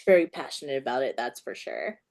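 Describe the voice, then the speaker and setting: Animated, laughing woman author. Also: rumbling low, a little fast, vocal fry. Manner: animated storyteller, laughs often. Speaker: author guest. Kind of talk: casual interview chat.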